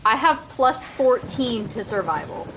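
A woman playing a tabletop game with friends, talking quickly and bluntly and swearing casually. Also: on the high side, expressive, a bit bright, husky, low-quality recording. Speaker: player.

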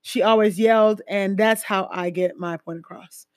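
A woman from a Jamaican family talking casually about her life, full of fillers and lively emphasis. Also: mid-range voice, normal speed, no room sound, clean studio sound. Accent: American with Jamaican-family roots. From Caribbean, Jamaican family. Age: adult, a mother. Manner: conversational, lots of fillers, animated emphasis. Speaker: speaker sharing personal stories. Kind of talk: casual personal talk.

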